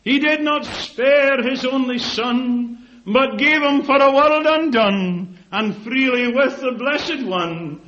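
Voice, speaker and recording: A man's voice: very high voice, pushed and bright, slight background noise. A man preaching an impassioned sermon, building repeated phrases and drawing out words for emphasis, on a dull lo-fi recording. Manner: impassioned, rhetorical repetition with drawn-out emphasis. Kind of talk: fervent sermon.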